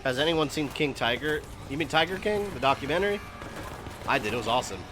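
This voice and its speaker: A man's voice: medium pitch, animated, fast talker, noisy background. A man streaming a video game, giving casual, rambling commentary full of fillers. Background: game music.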